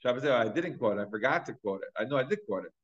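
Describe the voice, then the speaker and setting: A man's voice: medium pitch, lively intonation, rapid-fire. A man teaching a casual Torah class, talking loosely with lots of fillers and Hebrew terms. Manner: chatty, many fillers, mixes in Hebrew and Yiddish terms. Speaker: rabbi teaching a Talmud class. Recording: dull, lo-fi class recording.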